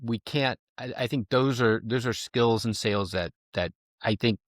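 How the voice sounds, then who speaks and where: A man's voice: medium pitch, normal speed, no echo, clean studio sound. A man hosting a podcast, talking casually, enthusiastic and affirming, often repeating words as he restarts. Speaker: podcast host.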